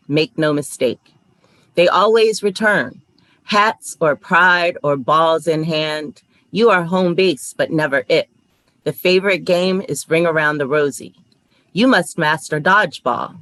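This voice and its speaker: A woman's voice: deep voice, a bit bright, dry recording. A woman reading her poetry aloud at an online open mic over a video call.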